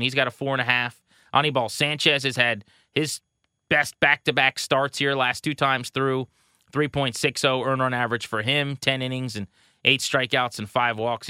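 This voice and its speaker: A man co-hosting a baseball podcast, casually rattling off pitching stats with a wry edge. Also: bright, forceful tone, clear, resonant tone, dry recording, studio quality. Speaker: podcast co-host. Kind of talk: casual sports talk.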